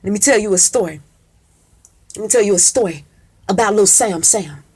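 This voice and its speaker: A woman's voice: mid-range voice, moderate pace, darkish tone, slightly rough. A woman telling a story in an emphatic, preacher-like cadence, full of cursing and call-and-response. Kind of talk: profane preacher-style storytelling.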